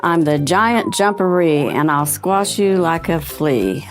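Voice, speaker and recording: Lady reading a big scary burrow monster, low and slow, drawn out. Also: lively intonation, soft background music. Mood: menacing. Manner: slow, looming rhymes.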